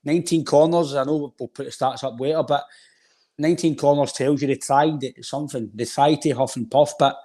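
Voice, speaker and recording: Here the Scottish podcast co-host sounds a little high and warm, keeping a steady tone at a brisk clip. Nursing a sore throat, he rambles through easygoing football talk.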